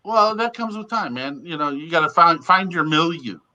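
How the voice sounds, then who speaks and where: An older man chatting as a guest on a live show, animated and joking, often stumbling into restarts. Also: fairly high pitch, normal speed, highs cut off. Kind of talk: casual chat.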